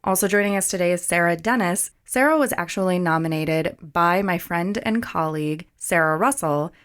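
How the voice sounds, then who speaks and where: A woman opens her podcast with a prepared introduction of her guests. Her voice sits on the low side, and she reads in an earnest, steady way. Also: moderate pace. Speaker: podcast host.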